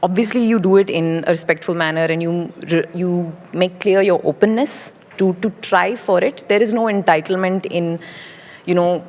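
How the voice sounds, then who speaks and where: On a large indoor conference stage, a young woman who is an actress gives articulate, considered answers as an interview guest, staying lively with light laughs. She speaks on the low side at a moderate pace, in a reverberant event-hall recording.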